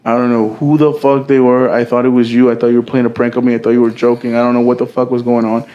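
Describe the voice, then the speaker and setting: A man's voice: medium pitch, level tone, quick pace, dull audio. A young man co-hosting a podcast, telling a story among friends in a casual, profane, slangy way and acting out the quoted dialogue. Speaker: podcast co-host.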